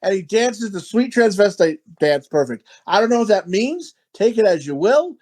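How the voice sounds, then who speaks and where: A man co-hosting a casual podcast chat, crude, rambling and excitable, often talking over others. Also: high-pitched, normal speed. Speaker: podcast co-host.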